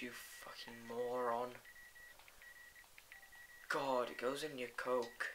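A woman giving casual gameplay commentary, excitable, dropping to whispers, then yelping and swearing. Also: a bass voice, slow pace, pauses often, slight background noise, low-quality recording. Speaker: let's play gamer.

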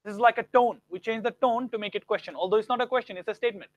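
A man's voice: high-pitched, rapid-fire, no echo, dull audio. A young man teaching a live grammar lesson, acting out example sentences with exaggerated rising tones. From India.

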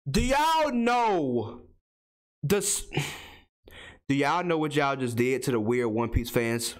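A man's voice: mid-range voice, unhurried, smooth. A young man, reacting to an anime episode in casual, profane commentary with incredulous outbursts.

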